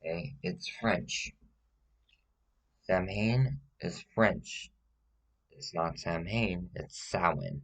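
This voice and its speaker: A self-styled witch woman, played by a man, holds forth in a deadpan comedic monologue, rambling and confidently wrong. The voice sits very low and unhurried. Fillers and hesitations break up the talk, and she keeps pressing listeners with a pointed "okay?". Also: exaggerated voice, low-quality recording. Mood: self-assured. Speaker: witch giving a tutorial.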